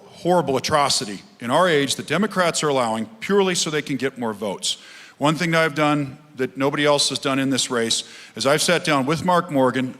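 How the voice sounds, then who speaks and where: A man's voice: mid-range voice, a bit bright. A man running for office, speaking earnestly at a forum, moving from personal story to emphatic points. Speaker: political candidate. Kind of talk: candidate forum answer. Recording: long hall reverb.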